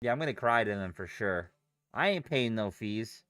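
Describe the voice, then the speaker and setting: A man's voice: on the low side, lively intonation, normal speed, fairly bright tone, dry recording, studio quality. A young man chatting casually on a live trading stream, swearing and rambling as he reacts to chat and charts. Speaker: livestream day trader.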